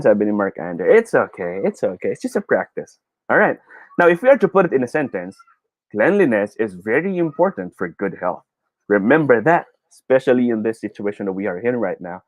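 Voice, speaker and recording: A man's voice: medium pitch, no room sound. A man with a Filipino accent teaching a live online pronunciation lesson, upbeat and encouraging, reading out viewer comments and switching between English and Tagalog.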